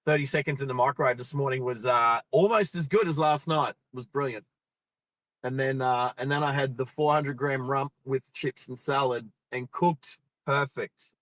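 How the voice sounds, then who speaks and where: A man's voice: medium pitch, steady tone, normal speed, a bit bright, no echo. Chatty Australian man talking while driving. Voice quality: chatty, laughs easily, many fillers. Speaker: driving vlog host. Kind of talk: casual storytelling while driving. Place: in a car on the road.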